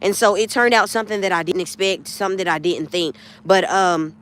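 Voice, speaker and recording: A woman's voice: mid-range voice, steady tone, brisk, a bit bright. A woman hosting a casual livestream, rambling and heartfelt as she talks about faith and keeps addressing her viewers. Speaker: lifestyle vlogger hosting a livestream.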